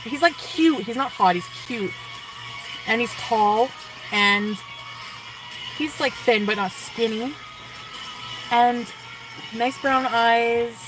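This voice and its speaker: A woman's voice: fairly high pitch, slow, pauses often, recorded from a distance, rough recording. A young woman vlogger chatting to her viewers, giddy and gushing, full of likes and sighs. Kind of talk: casual chat to viewers. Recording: music in the background. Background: music playing.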